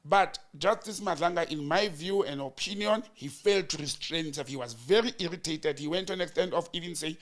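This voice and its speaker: Speaking fairly quickly with few pauses, this South African man has a fairly high, slightly bright voice. On a political chat show, he tells the story of a tense hearing and acts out the quoted exchanges, his emphasis building as he goes.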